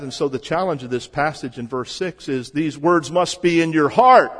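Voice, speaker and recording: A man preaching a sermon as a pastor, shifting between quiet stretches and loud emphasis. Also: on the high side, slightly rough, long reverb tail.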